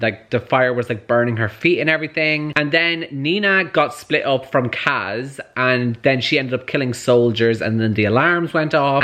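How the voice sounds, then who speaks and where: A man chatting casually in a book-reaction vlog, gushing and full of "like", sometimes breaking into high excited outcries. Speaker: book vlogger.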